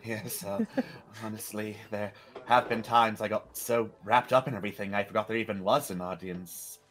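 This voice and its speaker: A man's voice: on the low side, steady tone, normal speed, a bit bright, natural voice. An actor playing an anxious Englishman, a stage performer living in France, who talks in a hesitant, rambling way. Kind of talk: character role-play.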